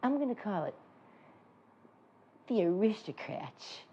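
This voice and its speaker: A woman's voice: medium pitch, very animated, slow pace, mellow, highs cut off, a little hiss or hum. A woman comedian delivering a brassy, theatrical comic monologue in character, breaking into snatches of song.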